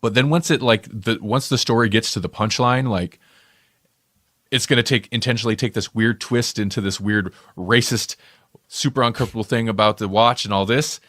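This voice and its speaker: A man's voice: lowish voice, steady tone, moderate pace, a bit bright, dry recording, clean studio sound. A man co-hosting a podcast, chatting casually about a film, rambling and correcting himself as he goes. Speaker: podcast co-host. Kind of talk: casual movie review chat.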